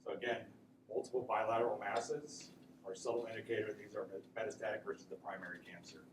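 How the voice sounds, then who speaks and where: A man with a fairly low voice and steady tone talks fast in a casual, conversational classroom lecture, telling stories and often checking in with "right?". The recording is noisy and echoey, from a room mic far away.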